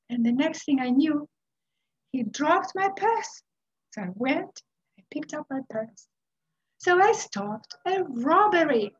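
A middle-aged woman from Uzbekistan telling a story in a speech, with a dramatic, unhurried delivery full of pauses. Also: high voice, lively intonation. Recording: dull lo-fi recording.

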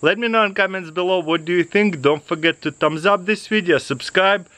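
A man's voice: sits high, brisk, no room sound, poor audio. A man vlogging outdoors with his dogs, laughing often as he coaxes and praises them. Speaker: dog owner vlogging his huskies. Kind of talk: casual outdoor vlog, talking to his dogs. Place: outdoors in a yard. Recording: loud outdoor background noise.

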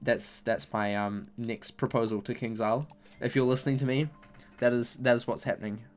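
A man's voice: medium pitch, steady tone, normal speed, darkish tone, faint music behind. A young man commentating casually as he opens game packs, complaining in exasperated, repetitive bursts about his bad luck. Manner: exasperated, repeats himself, mock-angry complaints. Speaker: gaming YouTuber.

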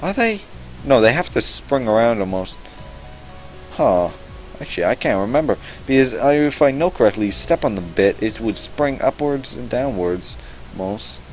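Over soft background music on a low-quality recording, a young man reads a visual novel's text aloud as he plays, peppering it with sarcastic jabs and plenty of swearing. His medium-pitched voice is animated and a little mellow, at a moderate pace.

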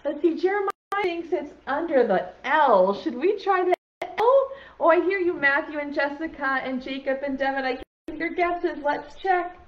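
Lively high-voiced woman teaching preschool. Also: normal speed, few pauses, dull audio. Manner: playful, encouraging, sing-song. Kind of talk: virtual preschool lesson for children.

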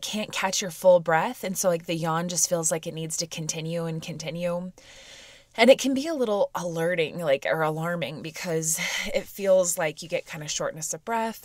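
A woman's voice: on the low side, no echo, studio quality. A woman hosting a podcast, talking candidly and reflectively on her own, wandering through her thoughts with plenty of fillers. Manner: candid, meandering, with frequent fillers. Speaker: podcast host. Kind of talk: reflective personal podcast monologue.

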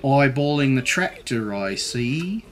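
A woman reading children's picture books aloud in a slow, animated way, adding her own asides. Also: rumbling low, slight background noise. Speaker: storybook reader.

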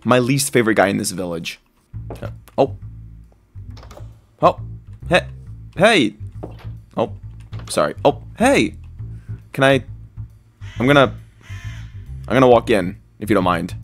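A man giving excitable, jokey commentary while playing a survival game, squealing high whenever he is delighted. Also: a little slow, gravelly, long pauses, soft background music. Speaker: gaming video creator.

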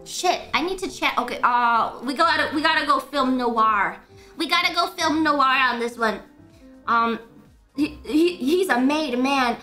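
A young woman streamer chatting excitedly while playing a game, giggling and swearing freely. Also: high voice, unhurried, faint music behind. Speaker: VTuber streamer. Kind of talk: casual gameplay commentary.

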